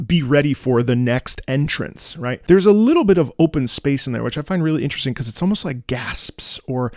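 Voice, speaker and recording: A man's voice: mid-range voice, expressive, a little fast, darkish tone, no room sound, studio quality. A man, a trained opera singer, chatting casually and analytically about a piece of music, humming and scatting bits of the melody as he explains. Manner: analytical, hums and scats the melody while explaining. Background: game music playing.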